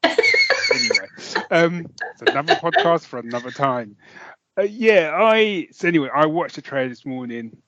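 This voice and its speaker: A man's voice: on the high side, big pitch swings, moderate pace, bright, forceful tone. A British man co-hosting a podcast, chatting casually and enthusiastically, rambling a little and laughing often. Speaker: podcast co-host. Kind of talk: casual chat. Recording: dull lo-fi dry recording.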